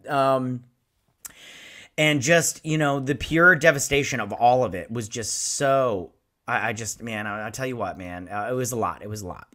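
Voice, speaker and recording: A man in his forties hosting a casual episode review, excitable and rambling, with a lot of swearing. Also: medium pitch, normal speed. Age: 40s. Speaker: show host.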